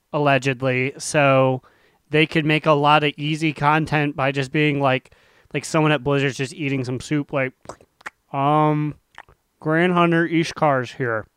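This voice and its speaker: A man's voice: on the high side, steady tone, a little slow, fairly bright tone, smooth, dry recording, studio quality. A man co-hosting a casual gaming podcast, playful and teasing, who stretches out his announcements. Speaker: podcast co-host.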